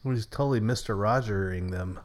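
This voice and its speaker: A man's voice: fairly low pitch, a little fast. A man co-hosting a casual movie-watching podcast, reacting with exclamations and mocking riffs. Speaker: podcast co-host.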